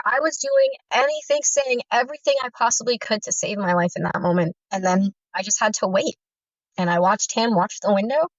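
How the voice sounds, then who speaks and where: A woman recounting her own story in earnest personal testimony, halting, with frequent fillers and restarts. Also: medium pitch, dry recording. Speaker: guest survivor recounting abuse. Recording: muffled, dry recording.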